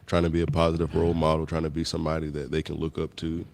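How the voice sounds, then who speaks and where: A man in his twenties from Virginia, a radio guest speaking in an earnest, measured way. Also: very deep voice, monotone, gravelly, darkish tone, dry recording. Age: 20s. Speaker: guest, mayoral candidate. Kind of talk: interview talk.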